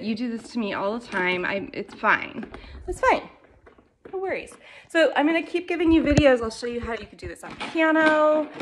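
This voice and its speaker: Bright-voiced woman teaching music at home. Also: a little high, slight background noise. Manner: enthusiastic, nerdy and passionate, sings note syllables. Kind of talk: casual home music lesson with singing. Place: home, with her baby nearby. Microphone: phone camera.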